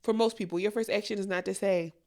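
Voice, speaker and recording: A woman's voice: medium pitch, fairly even intonation, quick pace, a little mellow. A young adult woman co-hosting a podcast, talking bluntly and candidly with a lot of profanity. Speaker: podcast co-host. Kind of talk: candid casual chat.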